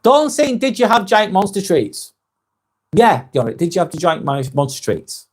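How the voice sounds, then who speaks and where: A man's voice: high-pitched, sing-song, moderate pace, breathy edge. Chatty English man, blunt and sweary. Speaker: live vlog host. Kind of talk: casual chat reading viewer comments aloud.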